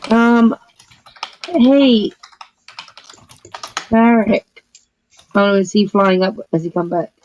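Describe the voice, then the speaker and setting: A woman's voice: mid-range voice, normal speed, few pauses, darkish tone, highs cut off. A woman playing a tabletop game, thinking aloud tentatively. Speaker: player. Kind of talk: in-character tabletop chat.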